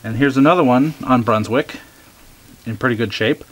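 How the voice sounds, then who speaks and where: A man chatting casually as he shows off his record finds, relaxed and eager, with many ums. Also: mid-range voice, normal speed, a little hiss or hum. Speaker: record collector showing finds. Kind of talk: casual show-and-tell vlog.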